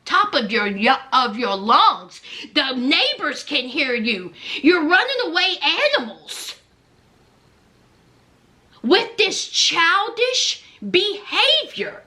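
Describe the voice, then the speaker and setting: A woman giving a sassy, expressive recap of a reality TV show, drawing out her words. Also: high-pitched. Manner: expressive, sassy, drawn-out delivery. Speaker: reality TV commentator.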